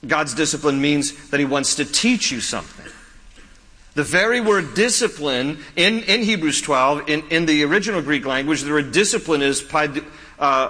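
A male pastor delivers a sermon in a high, bright voice. He mixes teaching with animated personal anecdotes and self-deprecating jokes. The sound carries the long reverb of a large hall. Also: a little hiss or hum.

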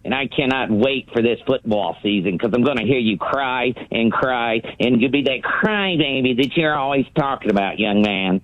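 A man's voice: medium pitch, expressive, normal speed, hardly any pauses, dry recording. A man calling in to a sports radio show and ranting theatrically, mocking a rival caller and repeating "young man". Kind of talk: fired-up sports radio rant. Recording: muffled phone line.

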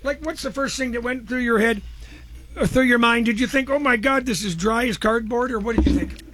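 Man, show host, very high voice, excitable joking chat. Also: brisk. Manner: excitable, joking, play-by-play of others. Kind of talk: casual chat.

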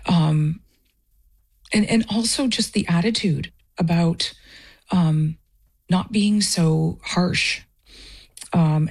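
A woman's voice: lowish voice, vocal fry, darkish tone, husky. A woman from Canada, a festival director, talking earnestly and with feeling in an interview. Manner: earnest and emotional. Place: Portage, Michigan.

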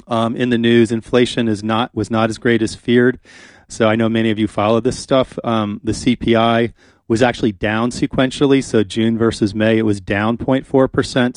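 A man's voice: medium pitch, no echo. A man hosting a radio talk show, chatting casually and rambling with fillers in a studio.

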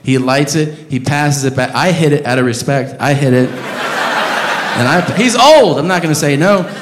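Profane stand-up comedian ranting. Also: male voice, mid-range voice, normal speed. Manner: profane, loud ranting bursts. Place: comedy club stage. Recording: roomy club sound with noise.

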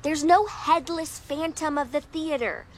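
A woman's voice: sits high, a little slow, slight background noise. A woman voicing a brave, bossy girl sleuth in an audio drama. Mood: determined. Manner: firm, no-nonsense. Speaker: narrator.

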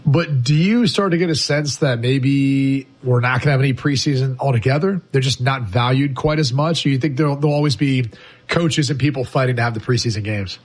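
A man's voice: medium pitch, fairly quick. A man hosting a sports radio show, asking questions in a conversational way.

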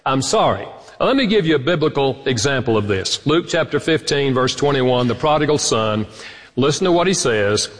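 A man's voice: mid-range voice, expressive, moderate pace. A man giving a marriage conference talk, teaching earnestly and acting out quoted lines. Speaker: conference speaker. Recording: reverberant hall from far off.

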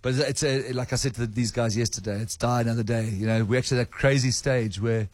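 A man's voice: medium pitch, fairly even intonation, fast talker, a little mellow, no echo. A man who coaches rugby, talking candidly in a radio studio, rambling a little and chuckling at his own lines. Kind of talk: casual radio interview.

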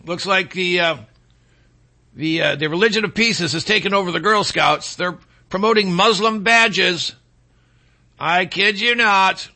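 A man's voice: sits high, measured pace, sharp tone. A man hosting a talk show, delivering a rambling, sarcastic monologue with mocking asides.

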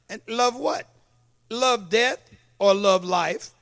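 A man's voice: sits high, slow, fairly bright tone. A male pastor preaching a sermon in church, calling for amens and checking that the congregation follows along. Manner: calls for amen and asks if the congregation follows.

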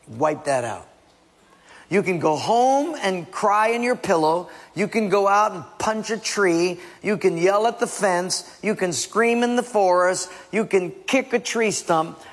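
A male preacher delivers an emphatic sermon, often dropping his voice to a hush. His voice sits fairly high and sounds gravelly and husky. A long reverb from a large hall trails each phrase. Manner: emphatic, dropping to near-whispers.

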